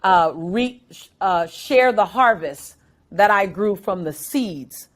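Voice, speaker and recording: A woman guest in a casual interview, telling stories with lively, acted-out quotes and frequent laughter. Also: mid-range voice, slow pace. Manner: animated storyteller, acts out quotes.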